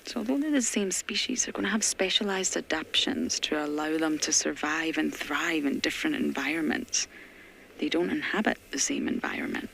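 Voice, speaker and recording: A woman safari guide giving hushed, chatty live commentary from an open-air game drive, often dropping to a half-whisper. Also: low-pitched, fairly quick, gravelly, a little hiss or hum, rough recording.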